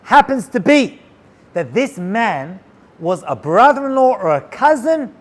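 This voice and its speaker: High-voiced rabbi telling a story. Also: male voice, a little slow. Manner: animated storyteller, sprinkles Hebrew and Yiddish terms. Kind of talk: storytelling talk.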